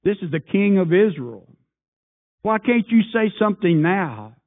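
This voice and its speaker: A man preaching a sermon, firing off rhetorical questions and swinging between loud appeals and hushed asides. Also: high-pitched, sing-song, measured pace. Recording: tinny phone-like sound.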